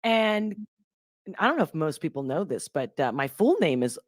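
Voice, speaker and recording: A woman's voice: deep voice, sing-song, moderate pace, no room sound, clean studio sound. A woman interviewing a guest in casual conversation, who talks emphatically and acts out the voices of people she quotes. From grew up in Europe.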